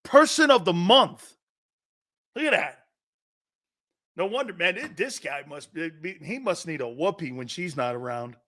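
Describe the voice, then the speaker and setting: A man's voice: sits high, sing-song, unhurried, long pauses, bright, forceful tone. A middle-aged man hosting a sports talk show, riffing in a brash, profane, joking way and laughing often.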